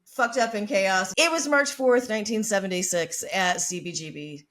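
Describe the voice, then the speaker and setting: A woman's voice: medium pitch, moderate pace, a bit bright. A woman podcast host telling a story in a brash, chatty, profane way. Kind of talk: casual storytelling.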